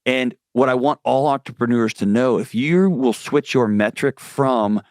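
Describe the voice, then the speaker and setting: A man's voice: mid-range voice, measured pace, darkish tone, dry recording. A man speaking as a guest mental health expert, telling stories in an earnest, candid way. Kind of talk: conversational interview.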